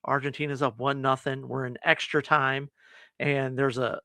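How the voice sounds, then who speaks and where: A man's voice: medium pitch, level tone, normal speed, sharp tone, clean tone, no echo, studio quality. A man co-hosting a casual movie review chat, rambling and retelling scenes with quoted lines. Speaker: podcast co-host.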